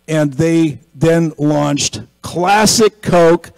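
Pastor with a somewhat high, dry voice. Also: male voice, slow, gravelly, no room sound, rough recording. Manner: storytelling, acting out quoted people, rising to emphatic exhortation. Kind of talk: conversational sermon.

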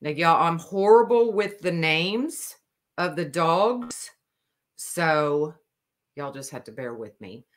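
A woman hosting a live stream to sell custom cups, talking casually and slowly with lots of ums. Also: deep voice, animated. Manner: slow, drawling, many ums. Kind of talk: casual live sales chat.

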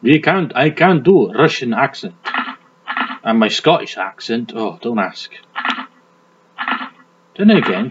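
A man's voice: medium pitch, animated, takes it slowly, long pauses, background noise. A man giving crude, joking let's play commentary and talking to the game's character. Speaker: gaming commentator. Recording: dull lo-fi mic with game music. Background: game music.

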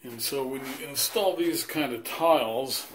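A man's voice: medium pitch, a little slow, noisy background. A man giving a casual step-by-step how-to walkthrough of his tiling work in a bathroom under renovation, with frequent "uh" and "um". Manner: plain step-by-step explaining, frequent "uh" and "um". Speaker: tile installer.

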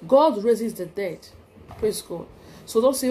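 A woman's voice: on the high side, expressive, moderate pace, a little mellow. A woman with a Nigerian accent, hosting a channel and preaching a devotional message, exhorting listeners with emphatic, repeated phrases.

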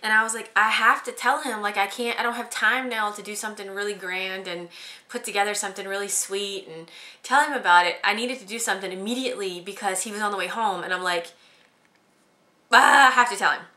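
Young woman vlogging, chatty and giggly, bright voice, echoey room. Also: medium pitch, steady tone, fast talker. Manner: chatty, giggly storytelling with lots of fillers. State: pregnant. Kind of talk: casual chat.

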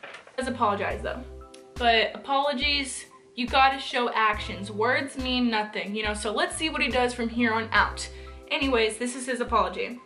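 A woman's voice: on the high side, normal speed, pushed and bright, soft background music. A young woman giving her opinions in a casual commentary vlog, chatty and full of fillers. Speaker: vlogger.

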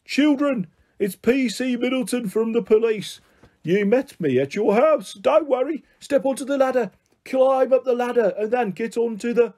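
A man voicing a police officer who shouts urgent instructions down from a helicopter in a storybook reading. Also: very high voice, moderate pace, pitched above the performer's own voice.

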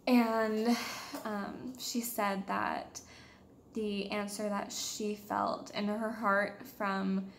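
A woman's voice: medium pitch, little pitch movement, drawn-out words, vocal fry, a little hiss or hum. A young woman in her twenties, a mother vlogging, telling a personal story in a candid, casual way with many fillers.

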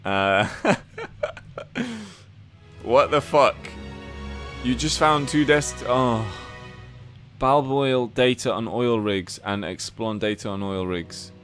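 A man streaming a video game, chatting casually, reading its text aloud, swearing and yelping with excitement. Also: takes it slowly, long pauses. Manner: excitable, swears and laughs, jumps into high yelps. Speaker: livestreaming gamer. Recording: game music playing under the voice. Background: game music.

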